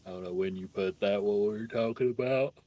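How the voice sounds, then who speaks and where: A man's voice: fairly low pitch, fairly quick, mellow. A man playing a game with a friend on a stream, explaining the game and teasing his co-player in a dry way. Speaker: guest co-player. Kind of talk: casual gameplay chat.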